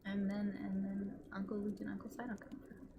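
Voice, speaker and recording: A woman's voice: mid-range voice, monotone, a little fast, lo-fi sound, noisy background. A young woman streamer rambling in casual chat, gushing and swearing freely.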